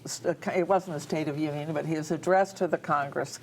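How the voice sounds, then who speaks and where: A woman giving her views on a televised panel, earnest and halting, often repeating words as she searches for them. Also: low voice, steady tone, a little mellow, slight background noise. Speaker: panelist, speech coach. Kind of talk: political panel discussion. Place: TV studio.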